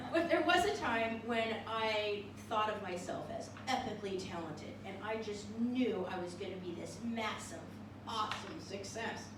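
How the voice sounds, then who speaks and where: A woman's voice: mid-range voice, unhurried, background noise. Wry self-mocking woman in echoey room. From California. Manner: wry, self-mocking, sings show tunes between chat. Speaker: cabaret comedian. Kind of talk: cabaret show, singing and stand-up. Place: small live venue with audience. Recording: distant echoey live room with music.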